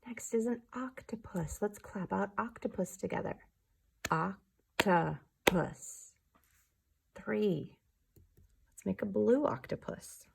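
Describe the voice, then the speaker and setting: Slow, gravelly woman teaching small kids. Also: medium pitch. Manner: slow, soft and patient, often drops to a whisper. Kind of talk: slow, gentle remote class lesson for young children.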